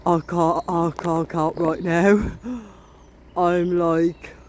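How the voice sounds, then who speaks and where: A woman's voice: on the low side, a little mellow, slight background noise. A woman filming a wild bird, awed and gushing, gasping between short exclamations. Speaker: wildlife vlogger. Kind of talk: excited vlog chatter to a wild bird.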